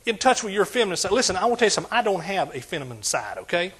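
A man preaching a sermon to a congregation, asking them questions and building to loud exclamations. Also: high-pitched, big pitch swings, very fast, slightly rough. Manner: preaching with call-and-response, rising to shouts. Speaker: pastor.

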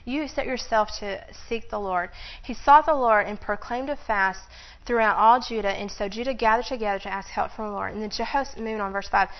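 A woman's voice: mid-range voice, a little fast, highs cut off. A woman Bible teacher giving an informal sermon, chatty, laughing often and breaking off into asides.

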